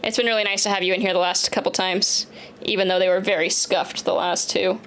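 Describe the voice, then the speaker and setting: A woman in her thirties chatting casually on a live stream as she works, often turning to coo at her dogs in a higher, sing-song voice. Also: fairly even intonation, fairly quick, fairly bright tone, slight background noise. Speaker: livestreamer building a keyboard.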